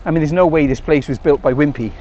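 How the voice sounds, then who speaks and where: Chatty English cyclist on the road. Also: male voice, fairly high pitch, quick pace, warm tone, dull audio, slight background noise. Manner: chatty and rambling, jokey asides. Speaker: cycling vlogger. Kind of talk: casual talk to camera while riding. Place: outdoors on country roads on a bike.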